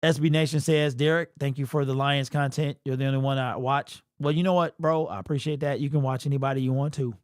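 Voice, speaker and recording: A man's voice: mid-range voice, fairly even intonation, quick pace, hardly any pauses, no room sound, studio quality. A young man hosting a casual livestream, rambling and slangy, emotional and sniffly. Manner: rambling, repeats and restarts, slangy. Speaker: livestream host.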